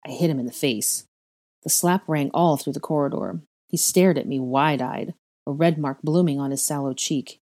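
A woman's voice: sits low, normal speed, darkish tone. A woman expressively reading a story aloud as narrator. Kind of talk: fan fiction reading.

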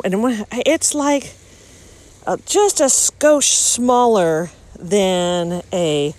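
A woman hosting a podcast as she walks along a beach, talking casually with lots of ums and bursts of excitement. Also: medium pitch. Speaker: podcast host. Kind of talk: casual walking monologue. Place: outdoors on a beach.

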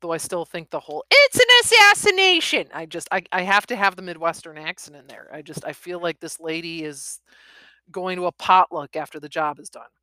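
A woman reading a novel aloud and pausing to discuss its writing, thoughtful and full of fillers. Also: sits low, fairly even intonation, fairly bright tone, no room sound. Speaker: reader and writing commentator.

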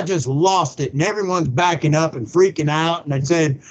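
A man's voice: fairly high pitch, moderate pace, hardly any pauses, rough recording. A man, a pastor, telling his recovery testimony in a blunt, colloquial way and acting out the people he quotes. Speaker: pastor and podcast guest. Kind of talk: personal testimony in conversation.

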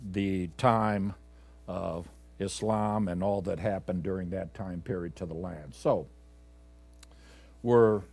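A male pastor preaches to his congregation, swinging from loud, emphatic exhortation to quiet, low asides. He talks conversationally, with fillers and self-corrections, on a dry recording.

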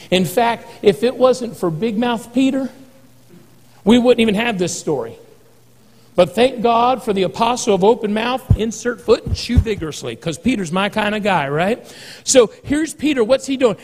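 A male pastor delivers a sermon in a folksy, joking manner, slipping into acted-out voices. His voice sits high, and a long hall reverb trails each phrase. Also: lively intonation, normal speed, darkish tone, husky. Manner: folksy, humorous preaching with acted-out quotes.

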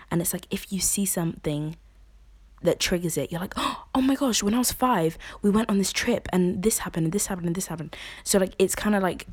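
A woman's voice: low voice, darkish tone, no room sound. A young woman, talking frankly on her podcast in a rambling way, full of "like" and restarts. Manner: rambling, lots of filler "like", frank and personal. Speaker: podcast host. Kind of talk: casual confessional podcast chat.

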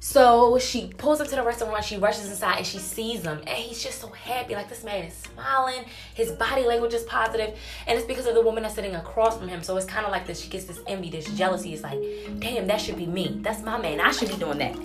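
A woman's voice: a little high, fast, faint music behind. A woman hosting a talk show, telling a story in a candid, conversational way with plenty of casual fillers.

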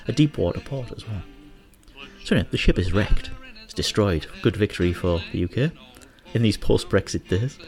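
A man's voice: on the low side, a little mellow. A man from Hartlepool with a local accent, hosting his own show in a chatty, joking way and telling a local legend. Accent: Hartlepool English. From Hartlepool, England. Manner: jokey, chatty storyteller who laughs at his own jokes. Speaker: host. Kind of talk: casual monologue and storytelling.

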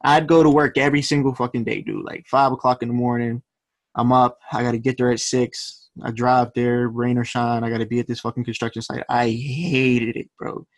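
A man's voice: medium pitch, little pitch movement, brisk, no room sound. A young man, a rapper guest, telling stories in a laid-back, profane, slangy way during a casual interview.

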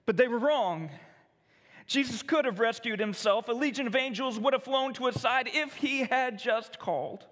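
Man, high voice, expressive storybook narration, dramatic, long reverb. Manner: expressive, dramatic, slowing for solemn moments.

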